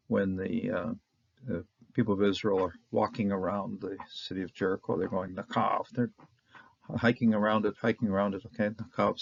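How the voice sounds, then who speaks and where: A man giving a casual Bible lesson, halting with many fillers and restarts, sounding out Hebrew words slowly. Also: fairly low pitch, gravelly, husky, dry recording. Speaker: Bible teacher. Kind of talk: casual lecture. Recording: dull, dry, lo-fi sound.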